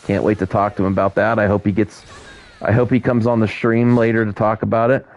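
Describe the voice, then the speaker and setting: A man's voice: fairly low pitch, little pitch movement, brisk, lo-fi sound. Rambling man streaming with a headset. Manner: rambling, restarts, talks to chat viewers. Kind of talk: casual live-stream chat while gaming.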